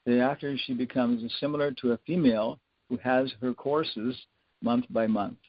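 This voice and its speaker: A man's voice: mid-range voice, steady tone, normal speed, dry recording. A man teaching a scripture class, telling loose, rambling stories full of fillers and little chuckles. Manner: rambling storyteller, many fillers, chuckles often. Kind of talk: lecture on scripture with anecdotes. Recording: dull lo-fi dry lecture recording.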